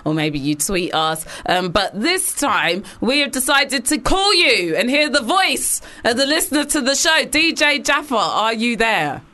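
A woman's voice: fairly high pitch, sing-song, measured pace, hardly any pauses, sharp tone. A woman hosting a radio show, chatting and laughing often with her co-host and a caller. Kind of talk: radio chat.

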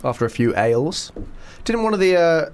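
A man's voice: fairly high pitch, very animated, moderate pace, a little mellow. A man co-hosting a radio show, joking and playfully stubborn in casual banter. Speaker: radio co-host.

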